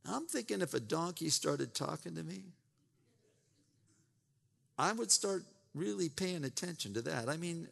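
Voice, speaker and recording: A man's voice: fairly high pitch, animated, normal speed, vocal fry, pauses often, fairly bright tone. A man preaching a sermon, retelling scripture with emphatic asides and repeated words. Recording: long reverb in a large hall.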